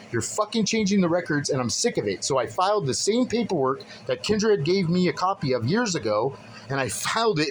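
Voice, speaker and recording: A man's voice: a little high, a little hiss or hum, low-quality recording. A man venting to the camera in a casual vlog, agitated and profane, rambling with many restarts as he reads through paperwork. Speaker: vlogger.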